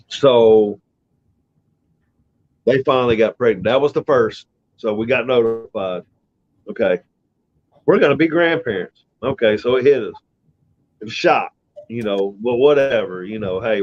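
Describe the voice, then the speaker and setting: A middle-aged man spins a long personal story as he hosts a laid-back podcast. His talk wanders and is peppered with cursing, and feeling runs close under it. The audio is muffled and low-fi. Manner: rambling, profane, emotional retelling. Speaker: podcast host. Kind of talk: casual storytelling chat. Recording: dull lo-fi audio.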